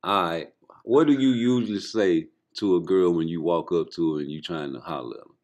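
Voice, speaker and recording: A man's voice: sits low, fairly quick, darkish tone. A man giving dating advice in casual banter, insistent and repeating himself.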